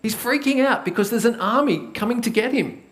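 A man preaching a conversational sermon, retelling a Bible story with lively storytelling and asking the congregation direct questions. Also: extremely high pitch, fairly quick. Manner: lively storytelling, acts out the biblical characters' panic. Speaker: pastor.

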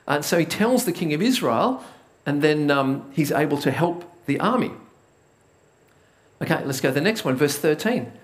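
A man preaching a conversational sermon, retelling a Bible story with lively storytelling and asking the congregation direct questions. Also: a little high, normal speed. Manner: lively storytelling, acts out the biblical characters' panic. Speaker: pastor.

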